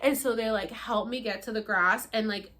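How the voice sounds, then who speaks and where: Young woman, vlogger, casual storytelling, slightly high voice, animated, acts out her lines, swears. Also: moderate pace. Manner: animated, reenacts her own pleas in high loud bursts, swears freely.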